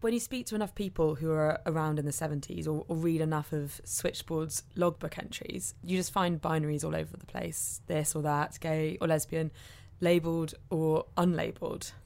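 Low, gravelly female co-host. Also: fairly even intonation, darkish tone. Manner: measured, explanatory. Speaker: podcast co-host. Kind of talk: scripted narration.

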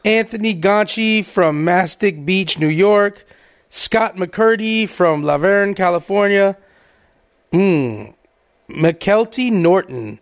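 A man co-hosting a podcast, trading crude jokes and acting out silly voices, laughing often. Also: sits high. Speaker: podcast co-host. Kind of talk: crude comedic banter.

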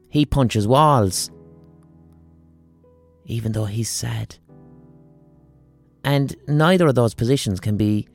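A man, a podcast host giving an animated monologue and acting out the voices he quotes. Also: fairly low pitch, no room sound.

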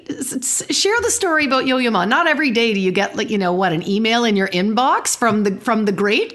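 A woman interviewing a singer, admiring, often restarting her words. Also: a little high. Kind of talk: interview questions.

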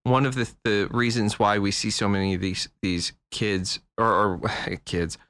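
A man's voice: lowish voice, a little slow, a bit bright, no room sound. A man co-hosting a casual talk show who thinks aloud and keeps saying "like" and "right?". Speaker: podcast co-host. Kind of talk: casual chat.

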